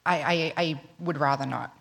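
A man's voice: on the high side, steady tone, unhurried, creaky, a bit bright, in a large hall. A woman voicing a stubborn, hesitant fisherman who politely turns down a rescue. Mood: polite refusal.

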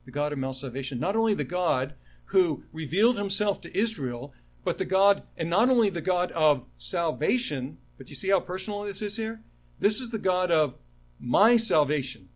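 A man preaching an expository sermon, speaking earnestly, often repeating words and slowing down to stress the verses he quotes. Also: sits high, expressive. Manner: earnest teaching tone, frequent word repetitions, slows to stress quoted verses.

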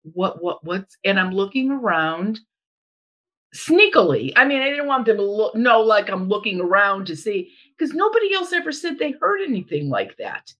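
Animated woman telling a story. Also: mid-range voice, brisk, hardly any pauses, poor audio. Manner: animated, acts out quoted voices. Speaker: storyteller guest. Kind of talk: casual chat, telling a story.

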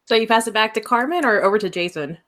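A woman's voice: on the high side, quick pace. Laughing woman game master narrating. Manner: lively, laughing, filler-heavy narration.

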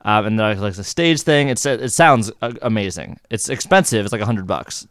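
A man co-hosting a casual chat, throwing in quick joking remarks. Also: fairly low pitch, expressive, fairly bright tone, dry recording, studio quality. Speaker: podcast co-host.

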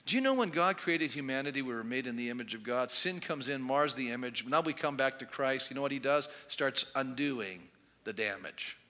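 A man preaching a sermon as pastor, animated and emphatic, rising loud and dropping soft for effect. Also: mid-range voice, fairly quick. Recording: long hall reverb.

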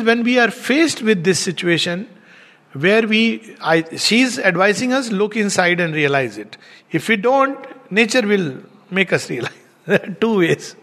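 A man's voice: high voice, a bit bright. A man gives a reflective spiritual discourse as a teacher, telling stories and laughing often. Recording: long hall reverb.

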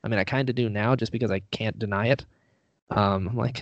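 A man's voice: lowish voice, steady tone, fast talker, creaky, no room sound, highs cut off. A man, an actor and writer being interviewed, talking casually and rambling with lots of fillers, a little self-deprecating.

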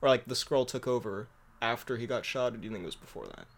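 A man's voice: mid-range voice, lively intonation, quick pace. A young man hosting a podcast in casual chat, rambling, laughing often and poking fun at himself. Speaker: podcast host.

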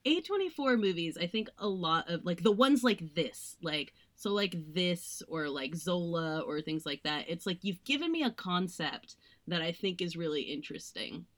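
A woman's voice: lowish voice, lively intonation, measured pace, fairly bright tone. Chatty young woman reviewing films. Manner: chatty, frequent "like" fillers, sarcastic mock voices. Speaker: podcast co-host. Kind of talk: casual film review chat.

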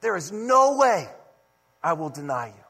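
A pastor voicing a cocky, eager disciple. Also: male voice, sits high, very animated, unhurried, vocal fry, sharp tone, breathy edge, full character voice. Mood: boastful. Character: bold overconfident male disciple. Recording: long reverb of a large hall.

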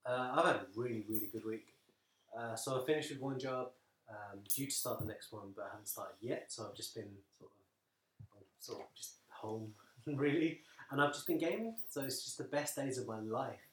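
A man's voice: mid-range voice, moderate pace, a bit bright, distant mic. Laid-back man, a bit off-mic. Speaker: podcast co-host. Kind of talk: casual chat. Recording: echoey room, off-mic.

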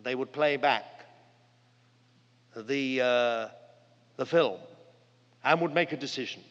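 An older man preaching a sermon, earnest and dramatic, with big swings in pitch and loudness as he tells stories. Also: takes it slowly. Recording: long hall reverb, dull lo-fi sound.

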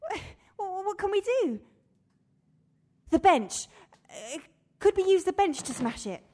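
A woman's voice: extremely high pitch, very animated, slow, darkish tone, exaggerated voice. A woman playing a panicky trapped woman. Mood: panicked. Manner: panicky, increasingly frantic. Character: anxious woman trapped in a sauna. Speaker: sauna customer. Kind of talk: audio drama acting.

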